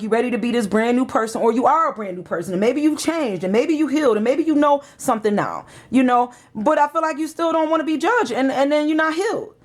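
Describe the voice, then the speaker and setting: A woman gives a tarot reading. She talks in an emotional, preachy way, pressing each point with urgency. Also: a little high. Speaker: tarot reader.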